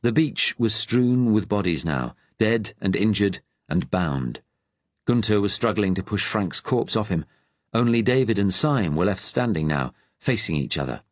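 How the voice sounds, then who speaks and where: A man with a fairly low voice narrates a wartime thriller audiobook at a steady, measured pace. The reading is close-miked and dry. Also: no room sound.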